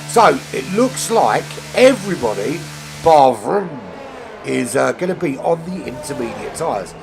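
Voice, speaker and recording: A man calls an online racing league with a nasal, cold-stuffed voice that has a gravelly edge. He drifts into rambling tangents, then picks up the energy when cars fight side by side. Game music plays clearly underneath him. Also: medium pitch, a little slow. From not American. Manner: rambling asides, rising excitement during battles. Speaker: race commentator. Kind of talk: sim racing commentary. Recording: game music and engine noise behind. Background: racing game audio and music.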